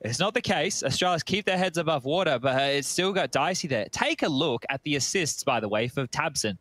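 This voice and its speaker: An Australian man giving relaxed, analytical colour commentary on an esports match. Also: a little high.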